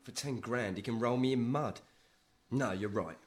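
A man's voice: mid-range voice, normal speed, close to an everyday voice. An actor with a British accent playing a scruffy, broke man who trades dry jibes with his brother in a sitcom. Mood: wry. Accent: British English. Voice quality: dry, wry. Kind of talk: sitcom acting.

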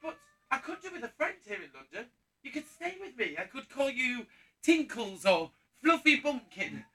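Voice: high voice, very animated, normal speed, bright, forceful tone, distant mic, exaggerated voice, rough recording. A performer playing an earnest, nervous young lad new to the city in a pantomime, with a stammering, eager manner. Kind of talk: pantomime stage acting.

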